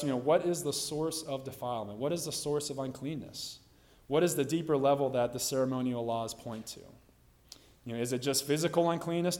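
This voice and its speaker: A man delivering a sermon, his voice sitting in a middle pitch. He explains scripture in an earnest, conversational way and often drops in "you know" as he talks. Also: a little mellow. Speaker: preacher.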